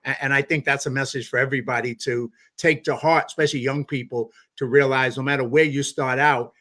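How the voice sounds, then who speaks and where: A man's voice: mid-range voice, steady tone, brisk, fairly bright tone. A man hosting an interview, encouraging his guests and rambling with many fillers and restarts. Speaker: podcast host. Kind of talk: interview conversation.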